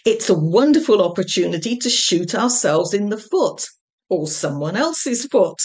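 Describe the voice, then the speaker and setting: A woman's voice: mid-range voice, sing-song, a little slow, darkish tone. A woman voicing a male officer who is very pleased with his own wit. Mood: smug.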